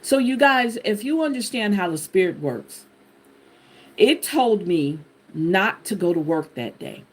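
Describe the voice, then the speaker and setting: A woman host telling a personal testimony to her viewers in an animated, expressive way, talking to them directly. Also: medium pitch, measured pace. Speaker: channel host sharing a personal story.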